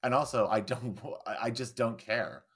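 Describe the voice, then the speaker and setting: A man's voice: medium pitch, moderate pace, fairly bright tone, husky. A man co-hosting a film podcast in casual chat, rambling and swearing freely as he acts out quoted lines. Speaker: podcast co-host.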